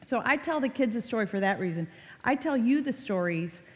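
A woman's voice: fairly high pitch, animated, fairly quick, a little mellow. A woman who works as an online safety educator, talking to parents in a conversational way and acting out short quoted lines. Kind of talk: talk to parents. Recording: reverberant hall.

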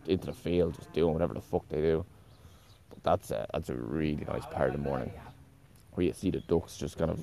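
A man's voice: a bass voice, vocal fry, warm tone. A man talking in a casual, meandering monologue, correcting himself often and swearing offhandedly.

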